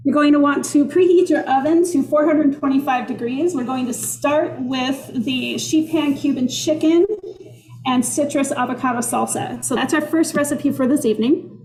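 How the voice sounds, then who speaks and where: Teaching a live online cooking class from her kitchen, a Minnesota-accented woman greets her viewers cheerfully and chattily. She has a high, slightly mellow voice and a moderate pace, and the recording is reverberant.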